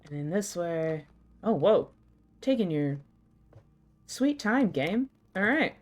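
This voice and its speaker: A woman's voice: lowish voice, big pitch swings, slow pace, darkish tone. A young woman from New Zealand with a New Zealand accent that slips toward American R's, chatting and giggling with her chat as she streams a game. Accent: New Zealand, with some American-sounding R's.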